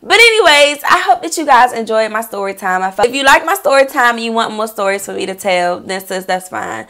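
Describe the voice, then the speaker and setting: A woman with a high voice tells a personal story in a casual vlog. She is animated and profane, and she addresses her viewers directly as if gossiping with a friend. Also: a little fast. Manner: animated, profane, talks straight to viewers as "girl"; bursts into laughter mid-story. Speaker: vlogger telling a personal story.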